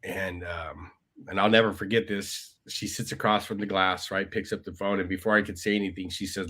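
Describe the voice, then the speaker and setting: Low-pitched and brisk, with fairly even intonation and a sharp tone, a man tells his life story as a podcast guest. It's a conversational storytelling interview in which he quotes others and often tacks on "right?".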